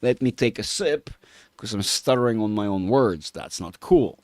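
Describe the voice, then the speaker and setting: A man's voice: lowish voice, lively intonation, normal speed, darkish tone, dry recording. A man giving casual live commentary on market charts, rambling and joking with his viewers. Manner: rambling, self-mocking, chats with viewers. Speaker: market analyst streamer.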